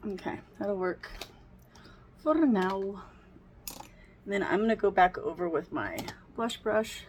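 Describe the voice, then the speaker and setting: A woman's voice: medium pitch, takes it slowly, slight background noise. A woman chatting casually at home while doing her makeup, rambling, with frequent laughs. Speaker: beauty vlogger. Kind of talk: casual get-ready-with-me chat.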